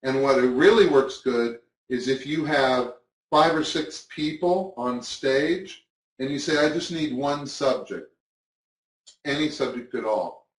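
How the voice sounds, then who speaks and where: A man's voice: medium pitch, unhurried. Chatty man teaching magic, roomy sound. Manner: casual, chatty, acts out patter to spectators. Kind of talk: instructional talk to camera.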